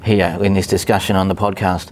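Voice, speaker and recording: A man's voice: low voice, level tone, a little fast. A man speaking as a podcast guest in casual conversation, hesitant, with many fillers and restarts.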